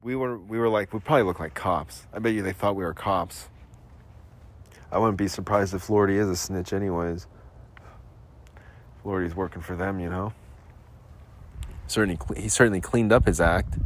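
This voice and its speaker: Sarcastic rambling man, slightly low voice. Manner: sarcastic, self-mocking, puts on quick voices for quotes. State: coming down with a cold, clearing throat and coughing. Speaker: podcast host. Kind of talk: rambling solo podcast monologue.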